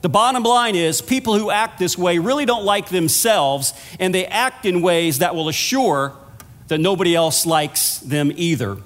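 A man's voice: sits high, moderate pace, a bit bright, in a large hall. A man preaching a sermon as a church minister, telling a story in an earnest, conversational way. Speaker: minister of pastoral care.

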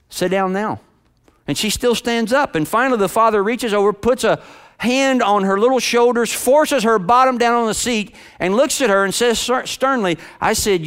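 A man preaching a sermon in a church, lively and rhetorical, stretching out key words for emphasis. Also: very high-pitched, clear, resonant tone. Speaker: pastor.

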